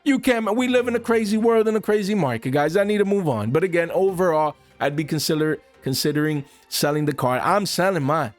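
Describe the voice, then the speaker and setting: A man giving casual, animated commentary on the card market to his viewers, full of slang and asides to "guys". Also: a little high, fairly quick, few pauses, faint music behind.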